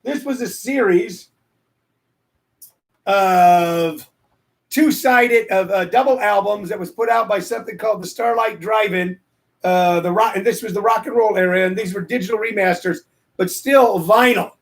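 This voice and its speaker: A man's voice: sits high, normal speed. A man in his sixties hosting a casual livestream show, a comedian who rambles and jokes between plugs and stories. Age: 60s. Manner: rambling, joking, digressive. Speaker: show host and stand-up comedian.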